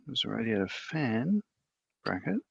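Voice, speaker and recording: A man's voice: medium pitch, sing-song, a little slow, gravelly, fairly bright tone, husky, no echo, highs cut off. A man chatting casually on a stream and muttering to himself as he hunts for model parts. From Australia. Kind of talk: casual livestream chat.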